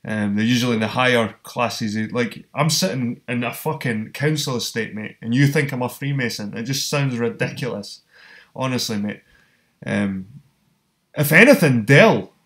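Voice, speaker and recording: A man with a Scottish accent, hosting a casual online hangout from his council flat, blunt and sweary, calling people man and mate. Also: mid-range voice, moderate pace. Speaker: host. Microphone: video call.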